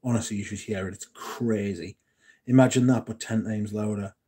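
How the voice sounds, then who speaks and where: Lowish and husky yet mellow, this man's voice holds a steady tone at a moderate pace. Hosting a laid-back livestream, he reads chat comments and jokes with viewers, cursing freely throughout.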